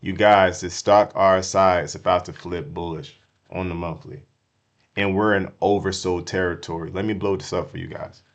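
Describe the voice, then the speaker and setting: A man giving casual, slangy crypto market commentary to his chat, swinging from hyped shouts to hushed apologies and repeating himself. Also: low voice, fairly even intonation, moderate pace, dull audio. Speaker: crypto streamer.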